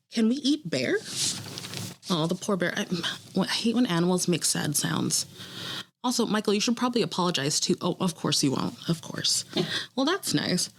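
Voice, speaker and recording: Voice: medium pitch, a little hiss or hum. A podcast co-host giving blunt, sarcastic running commentary while watching a show, swearing freely.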